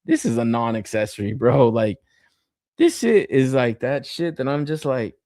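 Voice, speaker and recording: Male podcast co-host, lively pitch, dry close sound, profane and animated. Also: moderate pace, dry recording. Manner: profane, animated, laughs often. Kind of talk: casual toy review chat.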